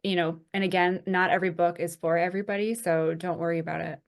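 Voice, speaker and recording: A woman co-hosting a podcast in easygoing chat. Her voice sits a little low, and she rambles cheerfully, stringing her thoughts together with fillers. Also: steady tone, fast. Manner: chatty and rambling, with many fillers. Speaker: podcast co-host. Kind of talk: casual chat.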